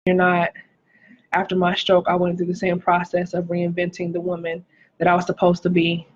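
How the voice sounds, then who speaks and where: Husky woman sharing a testimony. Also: fairly low pitch, monotone, normal speed, dull audio. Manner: earnest, emotional, reads viewer comments aloud. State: pregnant, recovering from stroke. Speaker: life coach. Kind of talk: live-stream testimony.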